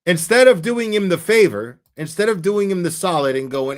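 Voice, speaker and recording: A man's voice: on the high side, expressive, normal speed. Profane rambling male stream host. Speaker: host reacting to an interview clip. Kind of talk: live stream commentary.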